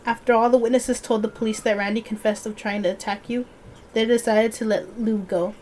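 A woman's voice: fairly high pitch, steady tone, brisk, a little mellow, slight background noise, close to an everyday voice. A woman reading aloud the lines of a worried mother speaking to her hospitalized son. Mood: soothing. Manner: read aloud plainly from a story.

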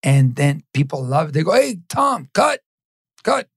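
A middle-aged man from East Los Angeles, a podcast guest giving an animated motivational talk, acting out the voices in his stories and dropping in Spanish phrases. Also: a little high, measured pace, vocal fry, slightly rough, no room sound, clean studio sound.

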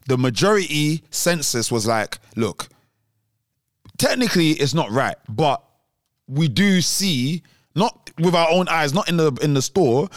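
A man's voice: on the high side, dry recording, clean studio sound. A young man, telling a story on a casual podcast and acting out other people's voices. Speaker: podcast co-host.

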